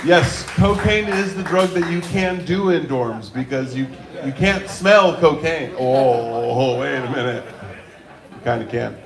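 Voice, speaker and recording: A man with a slightly high voice hosts an open mic in a small bar. He jokes with the crowd between sets. His voice echoes in the live room. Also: steady tone, unhurried. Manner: joking banter, playful crowd work. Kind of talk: emceeing between comedy sets. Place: small bar and coffee venue.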